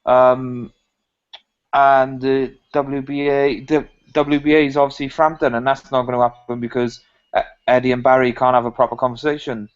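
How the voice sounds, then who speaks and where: A man reasoning through the topic in a measured, analytical way with frequent ums. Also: medium pitch, flat delivery, clear, resonant tone. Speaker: podcast co-host. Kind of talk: casual chat. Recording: dull lo-fi podcast audio.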